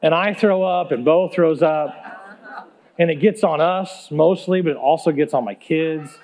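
A man in his thirties preaching a storytelling sermon, animated and comic, laughing at himself. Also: on the high side, a little slow, some chatter behind.

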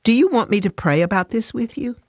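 Brief: woman reader as a patient friend, gentle and careful, a bit brighter than the narration. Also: on the high side, expressive, brisk, dry recording, clean studio sound, pitched above the performer's own voice. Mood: cautious, caring. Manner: careful and soothing. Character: patient, cautious female friend.

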